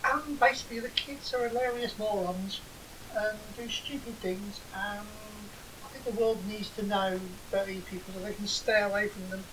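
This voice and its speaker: A woman's voice: medium pitch, steady tone, moderate pace. An English woman, probably in her forties, co-hosting a podcast and telling stories in a dry, sarcastic way. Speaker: podcast co-host. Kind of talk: casual banter. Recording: distant mic with faint hiss.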